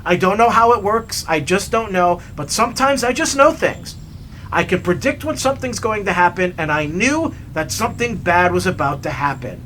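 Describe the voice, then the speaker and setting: A man telling a story in a chatty, animated way while hiking outdoors, recorded on a camera mic. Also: sits high, normal speed, slight background noise. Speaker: hiking vlogger. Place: outdoors on a trail.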